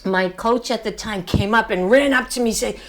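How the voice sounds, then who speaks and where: A woman's voice: a little high, normal speed. An older woman giving a motivational speech to her class, telling a story with emphasis and laughing at herself. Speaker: student speaker.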